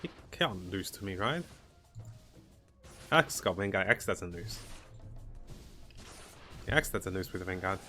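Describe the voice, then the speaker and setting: A man giving casual commentary on a strategy game as he plays, thinking aloud in a relaxed way. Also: deep voice, measured pace, pauses often, soft background music. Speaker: gaming commentator. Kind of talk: casual live gameplay commentary.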